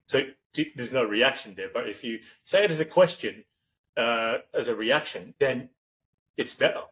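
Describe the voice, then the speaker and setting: A man hosting a podcast, talking in a rambling, animated way and acting out example lines. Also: medium pitch, normal speed, rough recording. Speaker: podcast host. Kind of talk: casual interview chat.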